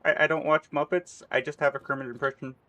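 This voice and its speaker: A hoarse man streaming and chatting casually, rambling and laughing often. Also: fairly high pitch, level tone, fast talker, pushed and bright. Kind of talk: casual live-stream chat.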